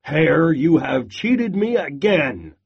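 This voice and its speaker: A big, sleepy male bear from a storybook, slow-witted and grumbling. A man plays him with a lower, drowsy delivery, slow and slightly husky. The recording has a dull, lo-fi sound. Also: big pitch swings, full character voice. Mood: angry. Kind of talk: storybook read-aloud.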